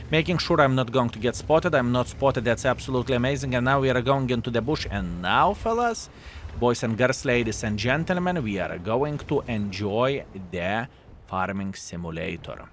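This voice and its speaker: A man with a Lithuanian accent doing lively, playful gameplay commentary and talking straight to his viewers. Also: mid-range voice. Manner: animated, playful, addresses viewers as fellas. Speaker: gaming YouTuber.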